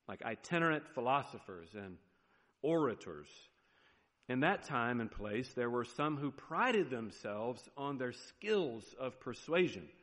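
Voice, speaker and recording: A man's voice: medium pitch, a bit bright. A man with a Southern US accent preaching a sermon as pastor, explaining a passage in a conversational way with fillers and rhetorical questions. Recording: long hall reverb.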